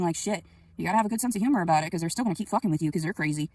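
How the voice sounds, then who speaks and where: A young woman in a rambling, profane venting monologue, swinging between loud anger and quiet sadness, recorded on a phone. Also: on the low side, racing, no echo, distant mic. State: sleepy.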